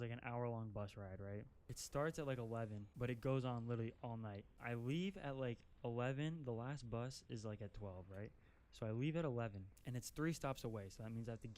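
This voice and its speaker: While driving an off-road vehicle, a young vlogger tells a casual storytime in a medium-pitched, slightly mellow voice. He rambles, swears, and leans on "like" constantly.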